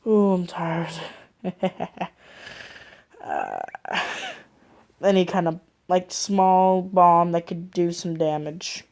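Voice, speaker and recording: A woman's voice: fairly low pitch, big pitch swings, extremely slow, pauses often, a little mellow. A woman hosting a reaction video, rambling and thinking aloud with lots of fillers. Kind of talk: casual reaction commentary.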